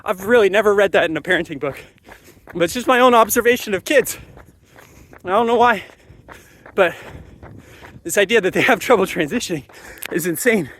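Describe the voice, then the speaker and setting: High-voiced man on an emphatic rant. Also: slight background noise. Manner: animated, emphatic, repeats phrases for effect. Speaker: parenting commentator. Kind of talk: solo ranting monologue to camera.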